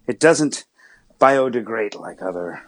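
A man's voice: fairly low pitch, lively intonation, takes it slowly, dry recording. A man playing a friendly pirate captain in a chat, speaking in his everyday voice, hesitant with many fillers. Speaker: pirate character guest.

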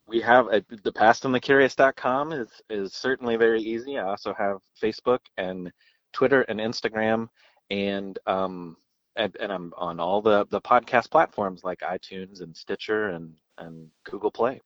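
A man's voice: lowish voice, normal speed, a bit bright, no echo, dull audio. A man from Louisville talking casually as a podcast guest, rambling with many fillers and restarts. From Louisville, Kentucky. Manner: rambling, lots of likes and restarts. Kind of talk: casual interview chat.

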